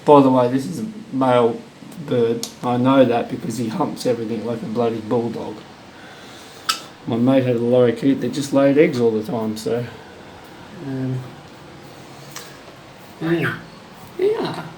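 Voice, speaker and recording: Australian man, unhurried, swooping pitch as he coaxes a pet bird; noisy phone audio. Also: fairly even intonation, darkish tone. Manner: coaxes the bird in a high sing-song voice, repeating short phrases. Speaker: bird owner and vlogger. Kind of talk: casual pet training vlog. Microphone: handheld phone.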